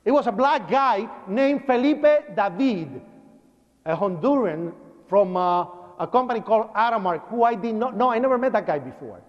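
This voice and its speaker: A man with a very high voice gives a dramatic eyewitness lecture, acting out shouts and sounds as he goes. His pitch swings lively across the account. It sounds like dull broadcast audio from a long-echoing hall. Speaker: eyewitness speaker. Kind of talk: public lecture testimony.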